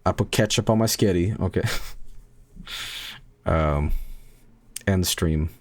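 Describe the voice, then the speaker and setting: A man's voice: low voice, slow pace. A man from Sweden streaming and chatting casually with viewers, rambling and joking with plenty of swearing and fillers.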